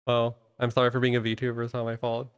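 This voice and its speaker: Smooth-voiced young man rambling on stream. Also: medium pitch, completely flat delivery, fast, no echo. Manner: loose, rambling, swears casually. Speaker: streamer and VTuber host. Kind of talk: casual stream chat.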